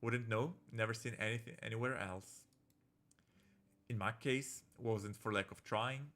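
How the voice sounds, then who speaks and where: A man's voice: steady tone, measured pace, fairly bright tone, natural voice. A man voicing a shy, guarded young farmer of few words, who talks in clipped, plainspoken phrases. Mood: reserved. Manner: clipped, low-key, plainspoken.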